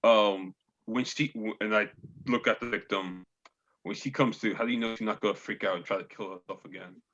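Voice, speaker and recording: A man's voice: lowish voice, fairly even intonation, brisk, fairly bright tone, lo-fi sound. A man playing a tabletop game, chatting casually in a hesitant, rambling way.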